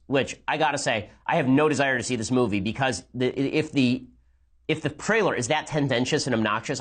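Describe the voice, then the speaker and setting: A man giving rapid, sarcastic commentary as he reacts to a speech and argues his point. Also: medium pitch, a bit bright. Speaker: political commentator.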